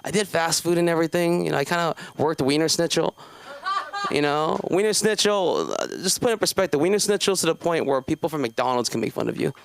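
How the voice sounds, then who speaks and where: Rambling animated man doing stand-up. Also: on the high side, quick pace, gravelly, a little hiss or hum. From South Los Angeles. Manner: rambling, many fillers and self-interruptions. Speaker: stand-up comedian. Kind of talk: open mic stand-up. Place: comedy club stage.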